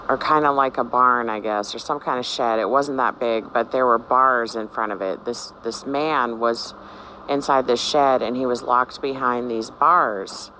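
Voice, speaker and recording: A slow, unhurried speaker with a bright, forward tone recounts a dream to viewers. The telling rambles and hesitates, full of fillers and restarts, and drifts into musing aloud about meanings. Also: medium pitch, a little hiss or hum. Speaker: dream-sharing channel host. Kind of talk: casual spoken dream account to viewers.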